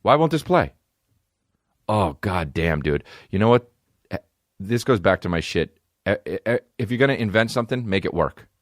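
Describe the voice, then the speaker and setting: Animated, profane male comedian ranting. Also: moderate pace, no room sound, clean studio sound. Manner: profane, animated, swings between loud outbursts and low mutters. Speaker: comedian podcast host.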